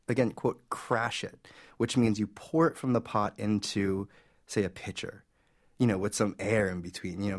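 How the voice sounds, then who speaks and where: Low-voiced man explaining a recipe. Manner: explanatory, enthusiastic, with fillers. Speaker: food editor guest. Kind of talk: radio interview.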